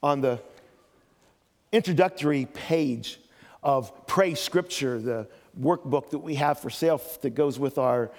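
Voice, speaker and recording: A man's voice: mid-range voice, measured pace, a little mellow, in a large hall. An older man preaching a sermon as pastor, telling folksy stories with joking asides.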